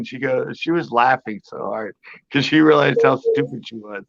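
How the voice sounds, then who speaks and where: Gravelly man telling a funny story. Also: medium pitch, moderate pace, muffled recording. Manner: animated storyteller, acts out quoted voices, laughs a lot. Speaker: podcast panelist. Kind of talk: casual storytelling chat.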